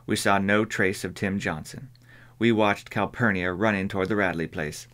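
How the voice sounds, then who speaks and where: A man reading an audiobook in measured scripted narration. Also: deep voice. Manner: measured, even storytelling.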